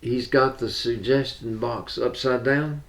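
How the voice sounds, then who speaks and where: A man's voice: medium pitch, fairly even intonation, a little slow, creaky, fairly bright tone. An older man with a Southern US accent, a talk show co-host telling jokes and laughing at his own punchlines. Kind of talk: casual joke telling.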